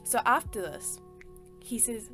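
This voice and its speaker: A woman's voice: a little high, very animated, slow pace, music in the background. A woman telling a personal story in a casual voice-over, emphatic and exasperated, swearing freely and filling her talk with "like" and "sis". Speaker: storytime artist.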